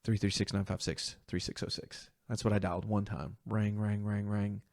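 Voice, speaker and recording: A young man with a low-pitched voice recounts a painful memory as an interview guest, earnest and halting, slipping into the voices of the people he quotes. The sound is dry and close. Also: level tone, gravelly, darkish tone, no echo. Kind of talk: emotional personal storytelling.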